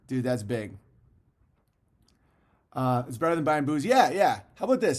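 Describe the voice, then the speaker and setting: Reading viewer messages on a casual livestream, this man talks in a rambling, foul-mouthed way, laughing frequently as he fasts. His voice is medium in pitch, very animated, with a darkish tone.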